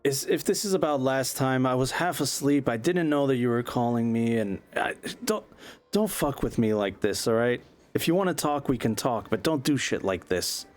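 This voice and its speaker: A man's voice: medium pitch, expressive, normal speed, close to an everyday voice. A man voicing an annoyed middle-aged rock star father on the phone, swearing and defensive. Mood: angry. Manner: angry, confused, swearing.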